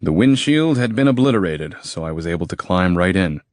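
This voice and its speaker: In a low voice that runs a little fast, a man reads a first-person horror audiobook with steady, terse storytelling. The recording is close-miked in a studio with no echo.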